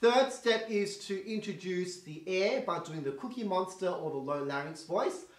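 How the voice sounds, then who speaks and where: High-voiced man coaching singing. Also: expressive. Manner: quick, chatty coaching, demonstrates with vocal sounds. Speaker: singing teacher. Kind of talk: vocal lesson with sung demonstrations. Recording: roomy echo, faint guitar behind.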